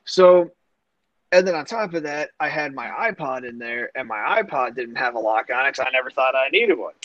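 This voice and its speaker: A young podcast host with an animated, medium-pitched, fairly bright voice speaks at a normal speed. He tells a long personal story in a rambling, profane way, full of "like" and other fillers, in casual storytelling chat. The recording is dry, with a dull lo-fi sound.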